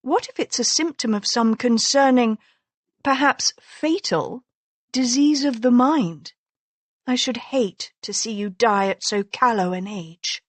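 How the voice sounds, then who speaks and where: Clever, quick-tongued young noblewoman, as a woman narrator puts her on in a storybook reading. She speaks arch and teasing, in slow, measured phrases. The sound is close and dry. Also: a little high, no room sound. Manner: arch, teasing, mock-concerned.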